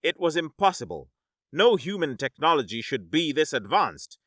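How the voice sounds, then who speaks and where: A man narrating a science-fiction story in a dramatic, measured audiobook style. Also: a little high, big pitch swings, fairly bright tone, no echo, studio quality.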